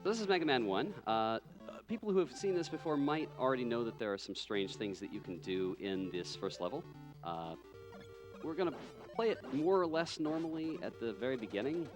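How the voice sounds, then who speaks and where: Guy hosting a live speedrun thing, talks fast and bouncy, faint music behind. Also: mid-range voice, lively intonation. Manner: chatty, loose, joking, quick. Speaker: live event presenter.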